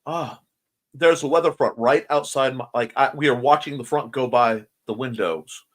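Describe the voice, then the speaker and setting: A man's voice: mid-range voice, normal speed. A man hosting a casual morning livestream, drowsy and yawning, rambling and joking as he greets viewers and reads their comments. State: sleepy, yawning. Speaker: host of a morning livestream show. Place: home room by a window.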